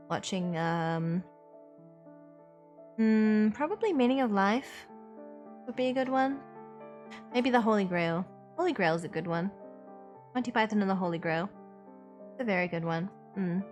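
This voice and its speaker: A woman streamer who chats casually, thinks aloud and muses in an unhurried way. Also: medium pitch, soft background music. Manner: musing, relaxed and unhurried.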